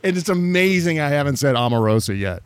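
A man hosts a political podcast in a sarcastic, profane style, his pitch leaping widely. The sound is close and dry, with no room around him. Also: very animated, fast, clear, resonant tone, no echo. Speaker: podcast host. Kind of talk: casual political commentary.

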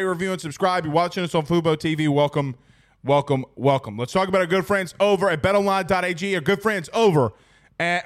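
Fast-talking sports podcast host man. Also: high voice. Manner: rapid-fire, rambling with restarts. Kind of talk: casual sports talk and ad reads.

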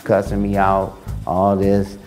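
A man's voice: low-pitched, slow pace, over music. A man recounting a past confrontation in first-person storytelling, acting out voices as he goes. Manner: animated, acts out voices in his story. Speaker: interviewee recounting his past.

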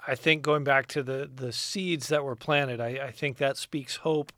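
A man's voice: medium pitch, steady tone, measured pace, sharp tone, no room sound, clean studio sound. A man hosting an interview, encouraging in tone, with hesitant phrasing and fillers. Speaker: interview host. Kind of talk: conversational interview.

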